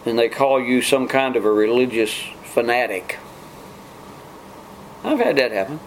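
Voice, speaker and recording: Preaching with earnest conviction, a man speaks at a measured pace in a mid-range voice, often starting his phrases over and mock-quoting those who scoff. A faint hiss or hum runs through the rough recording.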